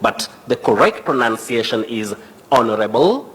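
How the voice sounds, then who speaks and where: A man, a language expert on a broadcast segment, explaining pronunciation deliberately and spelling out sounds. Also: mid-range voice, sing-song, a bit bright, in a large hall.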